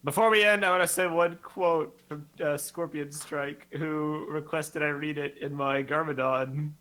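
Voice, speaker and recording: A man's voice: on the high side, fairly even intonation, unhurried, pushed and bright. A man co-hosting a casual fan podcast over a call, arguing his points playfully. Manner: playfully argumentative. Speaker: podcast co-host. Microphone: own mic on a voice call.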